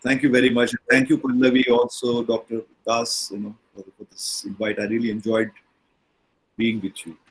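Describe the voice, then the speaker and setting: Husky courteous man on a video call. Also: medium pitch, level tone, normal speed, poor audio. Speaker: guest lecturer. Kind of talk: polite farewell thanks on a video call.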